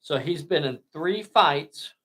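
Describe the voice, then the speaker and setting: A man whose first language is not English, narrating a tabletop miniatures game with slow, dramatic play-by-play. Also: on the high side, animated, fairly bright tone.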